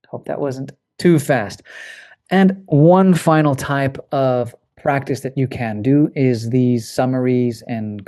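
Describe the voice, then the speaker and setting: A male pronunciation teacher speaking at a slow, measured pace. He sounds out each word deliberately and clearly, working through lists of drill words. His voice sits at an ordinary middle pitch. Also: mellow. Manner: deliberate, careful enunciation.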